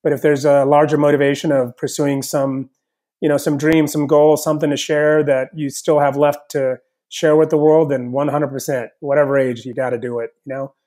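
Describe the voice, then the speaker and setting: Man, guest chef, from south india, casual conversational, mid-high pitch. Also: normal speed. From south India, raised partly in the US. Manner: relaxed, thoughtful, frequent "you know".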